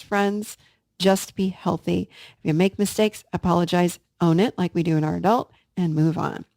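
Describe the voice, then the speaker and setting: Earnest woman with a gravelly fry. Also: on the low side, darkish tone, no room sound, studio quality. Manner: earnest, encouraging, addresses listeners directly. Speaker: podcast host. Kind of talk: casual self-help podcast talk.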